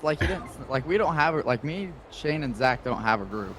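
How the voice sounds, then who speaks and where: A man's voice: on the high side, lively intonation, brisk, a bit bright, a little hiss or hum, poor audio. A man playing along with a friend, telling rambling stories and laughing often in casual chat. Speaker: co-player. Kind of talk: casual chat while gaming.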